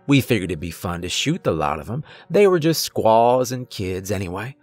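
A man doing a gruff, weary Old West outlaw. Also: on the low side, sing-song, moderate pace, darkish tone, no room sound, soft background music. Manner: rough frontier drawl, blunt and bitter.

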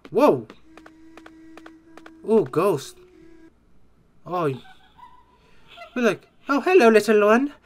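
An excitable gamer joking and exclaiming while reacting to a game's death scenes. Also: medium pitch. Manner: excitable, jokey, exclaims often and mimics characters. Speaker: reaction video creator. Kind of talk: casual game reaction commentary.

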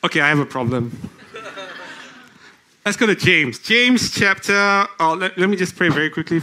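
A man preaching a sermon, asking the congregation questions and reading scripture slowly, with frequent restarts. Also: high voice, expressive, pushed and bright. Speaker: lay preacher.

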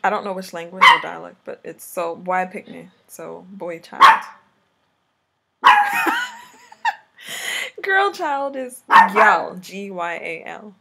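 A woman co-hosting a home vlog, casually teaching words, often laughing and slowly repeating words to coach. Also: on the low side, very animated, gravelly, very noisy.

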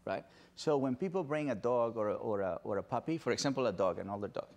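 A man giving an animated storytelling talk at an event, now and then acting out excited dog lovers in high squealing voices. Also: fast. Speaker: dog behaviorist speaker. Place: event stage.

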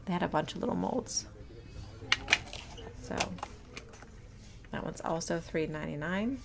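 A woman's voice: on the low side, unhurried, vocal fry, background noise. A young woman narrating a casual shop-with-me vlog as she walks through a store. She talks chattily and gushes over cute items, with plenty of ums, into a handheld phone. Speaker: shopping vlogger. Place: indoor retail store.

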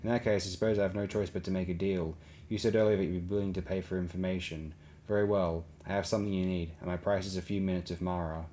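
A cool, probing smuggler chief talks over a comm channel with a low, even voice, voiced by a male audiobook reader. He stays calm and measured, with a hard edge under the politeness. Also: close to an everyday voice.

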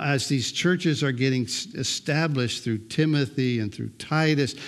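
An older man preaching a sermon as pastor, talking in a loose conversational way and often repeating words as he goes. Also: medium pitch.

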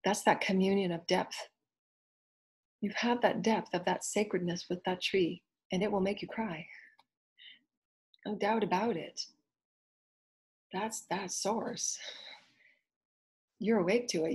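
A woman spiritual teacher giving an inspirational talk, speaking in earnest, flowing phrases and soft repeated affirmations. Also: mid-range voice, steady tone, unhurried, long pauses, breathy edge. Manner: earnest, flowing, at times whispered.

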